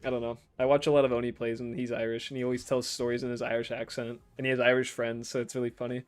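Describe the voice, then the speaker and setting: A young man from the States chats loosely while streaming, reading messages aloud and riffing on them. His voice sits at an ordinary middle pitch, and he laughs often and swears without a second thought. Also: flat delivery, fast talker, hardly any pauses, clear, resonant tone. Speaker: game streamer. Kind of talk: casual chat while reading viewer messages.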